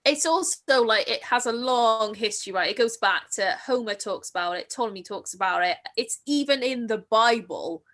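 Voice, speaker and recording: A woman's voice: fairly high pitch, animated, moderate pace, few pauses, a bit bright. A Welsh woman co-hosting an astronomy podcast in casual, giggly chat. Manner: chatty, giggly. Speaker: podcast co-host.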